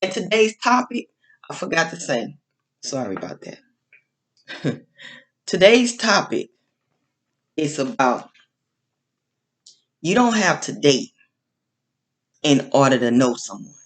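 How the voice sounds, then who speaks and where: A woman preaches in a loose, unscripted monologue, circling back to the same phrases and building emphasis as she goes. Her pitch swings widely as she talks. She takes her time, speaking slowly and drawing words out. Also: sing-song. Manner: informal slang, frequent restarts. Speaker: online speaker on faith and love. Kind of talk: casual spoken sermon-style monologue.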